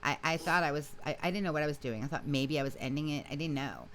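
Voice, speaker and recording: A woman guest in a casual interview, telling her story in an animated, emphatic way with frequent restarts. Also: deep voice, quick pace, slight background noise. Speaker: interview guest, singer and video creator.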